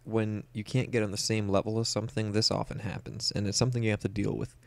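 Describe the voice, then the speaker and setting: A screen-captured software lesson has a young man calmly working through a photo editor, describing every step in straightforward language. He pitches fairly low with a gravelly fry and often pauses with "uh" or "um."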